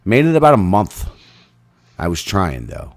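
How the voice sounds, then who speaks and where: A man co-hosting a podcast, telling crude, rambling stories in a deadpan way. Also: deep voice, unhurried, vocal fry, soft background music. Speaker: podcast co-host. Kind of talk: crude comedic banter.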